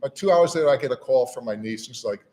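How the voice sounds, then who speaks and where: A man's voice: medium pitch, fast talker, mellow, a little hiss or hum. Folksy middle-aged man addressing a room. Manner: conversational and folksy, repeats words, many "you know"s. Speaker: national auxiliary leader giving a speech. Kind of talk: informal speech to a gathering. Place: meeting room with an audience.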